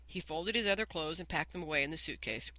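An audiobook narrator reading a children's story in an even, measured way. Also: mid-range voice, no room sound, poor audio. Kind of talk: scripted narration.

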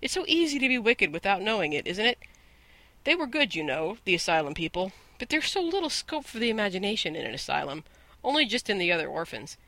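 A man's voice: high voice, sharp tone, no echo, exaggerated voice, poor audio. A man voicing an eager, imaginative eleven-year-old orphan girl who chatters on breathlessly in an audiobook. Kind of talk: audiobook character voice.

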